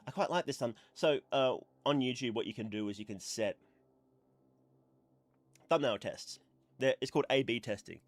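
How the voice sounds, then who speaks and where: A male streamer with a medium-pitched voice speaks at a moderate pace, pausing often as he rambles casually and uses many fillers. His voice is a bit stuffy from nose-blowing, and there's no room sound.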